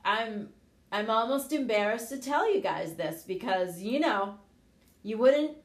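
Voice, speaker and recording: A woman's voice: a little high, expressive, a little slow. A middle-aged woman coach and show host, talking frankly and casually, with the odd swear word. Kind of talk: casual motivational talk. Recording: echoey room.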